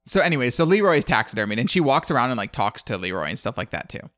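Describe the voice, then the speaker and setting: A man's voice: medium pitch, very animated, brisk, a bit bright, no room sound. A man casually recapping a film plot on a podcast, rambling and chatty with lots of "like.". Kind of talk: casual chat.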